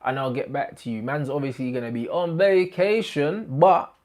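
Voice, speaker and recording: Excitable young man ranting about football. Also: a little high, normal speed. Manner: animated slang-heavy banter, bursts of excitement. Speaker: YouTube host. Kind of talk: casual football chat to camera.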